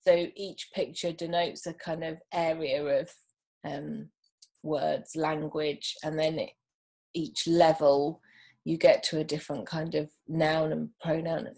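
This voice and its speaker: A woman's voice: deep voice, flat delivery, unhurried, darkish tone. A woman, a guest in a casual interview, talking thoughtfully with frequent ums. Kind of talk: casual chat.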